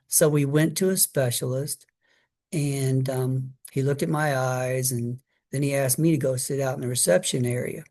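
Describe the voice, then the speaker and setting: Man, middle-aged, storytelling, conversational, fillers and restarts, medium pitch. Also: normal speed, a little mellow. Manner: conversational storytelling, acts out his child self and mother in quotes. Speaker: guest speaker. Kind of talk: personal story told to an audience.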